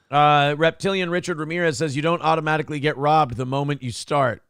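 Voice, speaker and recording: Crude joking male host with gravelly voice. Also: a little high, a bit bright, no room sound, clean studio sound. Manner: crude joking, laughs often at his own jokes; reads viewer chat messages aloud. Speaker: morning show host. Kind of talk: casual podcast chat.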